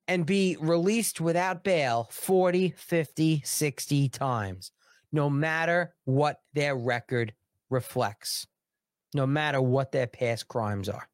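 A man's voice: on the high side, expressive, slow, no room sound, clean studio sound. Indignant male political commentator. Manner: emphatic, indignant, repeats words for emphasis.

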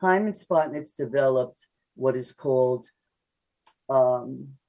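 Older female analyst guest; quick, chatty, self-deprecating; muffled lo-fi radio line. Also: very deep voice, dark tone. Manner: fast, chatty, laughs at herself. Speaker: psychoanalyst guest. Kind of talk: radio interview. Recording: dull lo-fi radio audio.

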